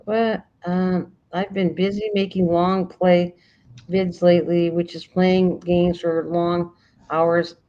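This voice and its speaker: A woman's voice: fairly low pitch, little pitch movement, takes it slowly, mellow. An older woman hosting a casual late-night chat, rambling and often restarting sentences while she searches for words. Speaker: livestream host. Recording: dull lo-fi stream audio.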